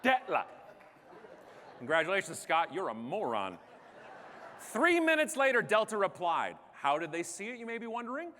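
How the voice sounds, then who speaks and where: A Canadian man giving a comedic keynote on stage, telling a story in an animated way and acting out the other people in it. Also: high voice, normal speed, slight background noise. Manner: animated, acts out characters, self-mocking. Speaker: keynote speaker. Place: large conference hall stage. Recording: long reverb of a large hall.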